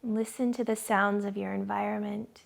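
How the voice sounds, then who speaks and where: A woman yoga instructor leading a gentle class from her living room in a slow, soothing guiding voice. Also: medium pitch, level tone, gravelly.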